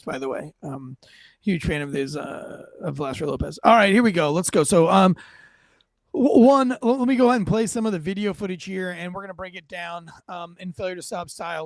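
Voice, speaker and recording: A middle-aged man hosting a casual commentary show, reacting to police footage in a blunt, profane, animated way. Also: sits high, creaky, no echo, clean studio sound.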